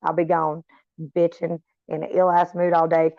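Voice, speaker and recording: Middle-aged woman vlogger, lower voice, chatty and profane, dull dry sound. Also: monotone, normal speed, gravelly, no echo. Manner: chatty, swears freely, wanders off on tangents. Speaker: vlogger talking to viewers. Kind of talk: casual rambling chat. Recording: slightly dull, dry recording.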